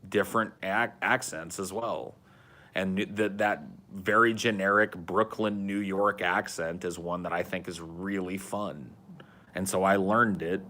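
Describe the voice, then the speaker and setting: This man, a Californian podcast host in his thirties, keeps the conversation casual, drawling like a relaxed stoner and cursing without restraint. He has a deep voice with a fairly bright tone.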